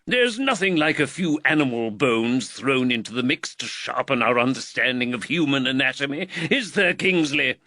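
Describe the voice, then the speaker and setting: A man's voice: medium pitch, moderate pace, few pauses, bright, forceful tone, no echo, clean studio sound, voice pushed up. A man voicing a teasing, arrogant upper-class surgeon who talks down to his student. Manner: mocking, imperious.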